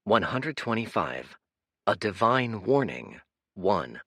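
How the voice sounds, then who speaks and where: A man reading an audiobook aloud in scripted narration, expressive and animated. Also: fairly low pitch, slow pace, creaky, dry recording, clean studio sound.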